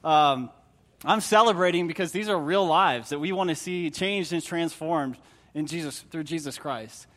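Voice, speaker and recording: In a church sanctuary, a middle-aged pastor delivers a sermon like he's telling a story, using self-deprecating humor. His voice sits a little high and moves at a moderate pace, swinging from loud emphasis to hushed moments.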